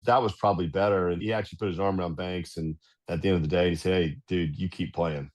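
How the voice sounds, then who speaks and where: Deep-voiced middle-aged man telling stories. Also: fast talker. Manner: animated anecdotal telling with fillers. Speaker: guest, golf club director. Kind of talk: casual storytelling.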